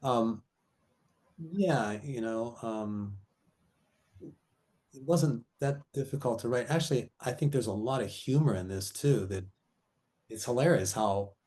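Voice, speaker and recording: A middle-aged man talking casually as an interview guest. His voice is mellow and warm at a middle pitch. He rambles through stories, acts out what people said, and laughs often. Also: slow, pauses often. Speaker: guest, actor and author.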